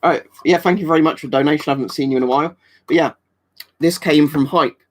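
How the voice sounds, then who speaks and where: Speaking quickly at a fairly high pitch, this livestream host from England rambles through viewer comments in an offhand, casual way, with plenty of fillers and false starts.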